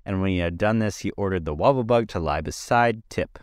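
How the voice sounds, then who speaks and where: A man's voice: deep voice, a little fast, clear, resonant tone, no room sound, clean studio sound. A man giving an amateur audiobook reading of a children's story, plain and dotted with 'uh' fillers. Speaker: podcast reader.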